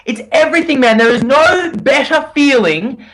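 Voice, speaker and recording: A man co-hosting a casual podcast over a call, energetic and playful, teasing his co-host. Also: very high-pitched, normal speed, poor audio.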